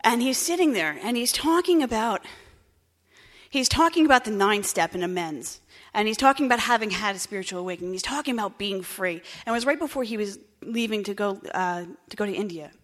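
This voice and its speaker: A woman with a New Jersey accent candidly telling her recovery story, wry, moving between hushed and animated. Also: mid-range voice, a little fast. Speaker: speaker sharing her story. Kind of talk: personal recovery talk. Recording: echoey hall.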